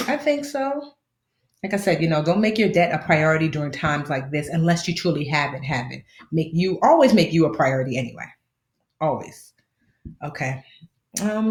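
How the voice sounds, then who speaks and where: Recorded with roomy sound, a woman in her thirties speaks on the low side through a slight lisp. As a personal finance host on a casual live stream, she gives slangy money advice, animated and playful, and performs the voices of people she quotes.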